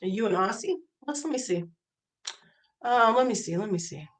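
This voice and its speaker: A woman's voice: medium pitch, lively intonation, moderate pace, poor audio. A woman live streamer in a profane, mocking rant, reacting to clips and messages. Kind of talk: ranting commentary.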